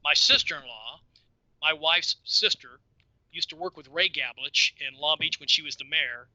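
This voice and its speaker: A man in his sixties, a podcast guest telling stories in an animated, casual way and repeating words as he goes. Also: on the high side, normal speed, dry recording, highs cut off. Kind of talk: casual storytelling.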